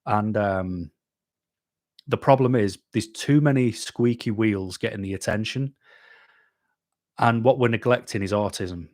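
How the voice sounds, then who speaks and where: Low-voiced man rambling through a live chat. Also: measured pace, pauses often, darkish tone, dry recording, clean studio sound. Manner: rambling and self-deprecating, with frequent ums and restarts. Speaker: host of a live stream. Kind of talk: casual live-stream chat answering viewers.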